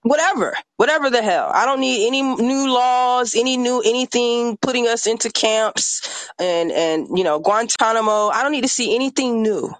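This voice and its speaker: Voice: mid-range voice, normal speed, fairly bright tone, no echo. An independent artist and activist speaking on a podcast, angry and emphatic, swearing often. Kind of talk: impassioned podcast conversation.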